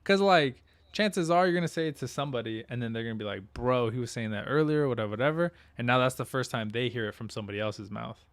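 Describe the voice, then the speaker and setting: A man's voice: mid-range voice, fast talker, few pauses, no room sound. Young guy on a podcast, laughs a lot, cusses, dry close mic. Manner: laughs often, swears freely, slangy. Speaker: podcast co-host. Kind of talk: casual chat, storytelling.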